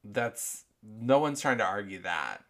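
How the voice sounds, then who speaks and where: A podcast host with a fairly low, fairly bright voice talks slowly and animatedly in a casual monologue. He rambles, swears, and uses many filler words, and his voice shows the effects of allergies.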